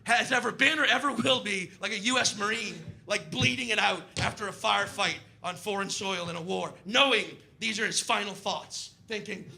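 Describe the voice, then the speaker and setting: Brief: American male comic, high gravelly voice, profane and animated, live stand-up. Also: normal speed, hardly any pauses. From United States. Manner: animated, profane, shouting bursts. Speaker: stand-up comedian. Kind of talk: stand-up comedy set. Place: live comedy stage before an audience.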